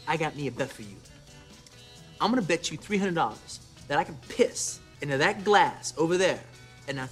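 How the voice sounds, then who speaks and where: A man's voice: mid-range voice, a bit bright, lightly acted. An actor playing a man in a bar who tells a long crude joke, swearing and laughing at his own punchline. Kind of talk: film dialogue. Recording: film audio clip with music behind. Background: music.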